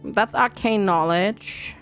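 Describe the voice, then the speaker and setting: A woman's voice: medium pitch, takes it slowly, a bit bright, soft background music. A young woman streaming a game, chatting and thinking aloud to her viewers. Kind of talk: casual game commentary.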